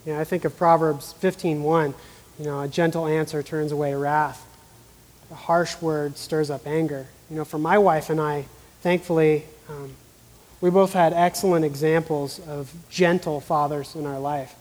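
A man sharing his own reflections in a soft-spoken way during a teaching talk. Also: a little high, steady tone, normal speed, long reverb tail, low-quality recording. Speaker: co-speaker. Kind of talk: sermon discussion.

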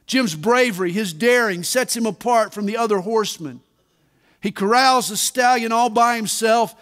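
A man preaching a sermon at a conference, deliberate and emphatic, with dramatic pauses. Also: high-pitched, fairly bright tone. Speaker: pastor. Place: large conference hall. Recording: reverberant conference hall.

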